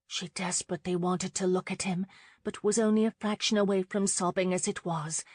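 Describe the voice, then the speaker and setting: A woman narrating a romance audiobook in a measured, expressive reading on a close studio mic. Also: on the low side, husky, no echo. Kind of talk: scripted narration.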